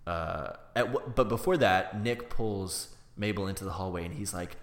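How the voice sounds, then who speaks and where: A man's voice: deep voice, normal speed, reverberant. A man co-hosting a casual film podcast, retelling scenes with lots of acted-out quotes. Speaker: podcast co-host.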